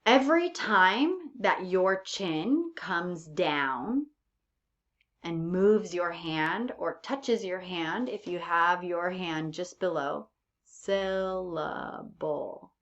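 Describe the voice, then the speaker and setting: A woman teaches pronunciation at an unhurried, deliberate pace, stretching out her words. She checks in patiently with "okay?" and "right?" as she goes. The recording sounds a little dull and lo-fi. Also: fairly low pitch, expressive, fairly bright tone. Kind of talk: English pronunciation lesson.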